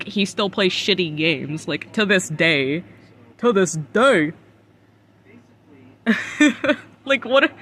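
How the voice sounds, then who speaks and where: A man's voice: high voice, fairly bright tone. A man from the United States streaming casual reaction commentary, incredulous and profane, laughing often.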